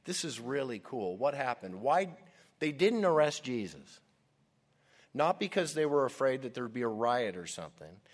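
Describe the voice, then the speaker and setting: A man preaching a sermon as pastor, delivering emphatic, deliberate lines with dramatic stresses. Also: mid-range voice, big pitch swings, in a large hall.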